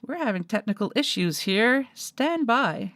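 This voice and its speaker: A woman's voice: a little high, animated, measured pace, fairly bright tone, dry recording, studio quality. A woman hosting a paranormal podcast, chatting casually over a video call and laughing often. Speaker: podcast host. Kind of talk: casual chat.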